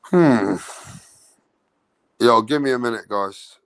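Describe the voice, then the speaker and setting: An English man hosting a boxing channel takes it slowly in an angry, profane livestream rant, repeating himself and swearing constantly. His medium-pitched voice is creaky and a bit bright, with a clean tone and no echo.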